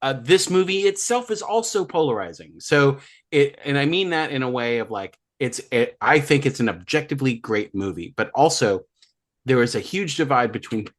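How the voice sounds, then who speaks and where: A man's voice: medium pitch, expressive, moderate pace. A man co-hosting a movie podcast, chatting casually and rambling through his points. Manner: rambling, many fillers and restarts. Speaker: podcast co-host. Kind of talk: casual chat.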